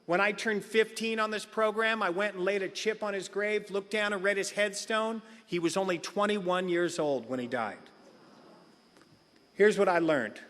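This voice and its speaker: A man's voice: high voice, normal speed. A middle-aged man giving a comic recovery share at a meeting, acting out the voices in his stories. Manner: animated comic storyteller, acts out quotes. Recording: reverberant hall sound.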